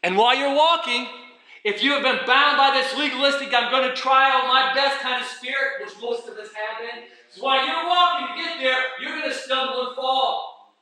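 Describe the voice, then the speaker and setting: A man preaching a sermon in church, dramatic, swinging from shouts to hushed tones. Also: very high voice, normal speed. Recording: echoey church hall, mic at a distance.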